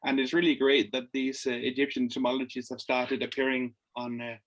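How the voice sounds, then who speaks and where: Mid-pitched man chiming in on a class call. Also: level tone, brisk, a bit bright. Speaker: student. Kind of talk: online class discussion. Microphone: video call.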